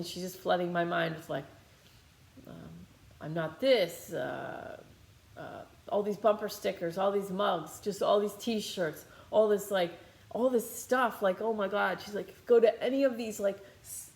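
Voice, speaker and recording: A woman's voice: mid-range voice, creaky, roomy sound. A woman giving a loose, conversational guided healing meditation with lots of fillers and restarts. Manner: rambling, conversational, many fillers. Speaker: meditation teacher. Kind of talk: guided meditation talk, channeling.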